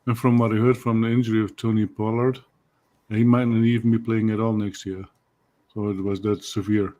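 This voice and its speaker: A man on a sports chat panel, hesitant and filling pauses often. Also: fairly low pitch, level tone, dark tone. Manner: hesitant, many fillers.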